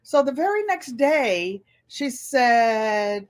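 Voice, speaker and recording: Older lady hosting a live stream, takes her time, kinda high voice, chatty storyteller. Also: slow pace. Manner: chatty, storytelling, greets viewers by name. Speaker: host.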